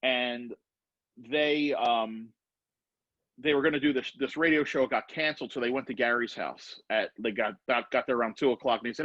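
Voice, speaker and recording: Animated storyteller man, dry and dull sound. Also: medium pitch, normal speed, no room sound. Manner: animated storyteller acting out quoted voices. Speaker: podcast guest. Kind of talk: casual storytelling.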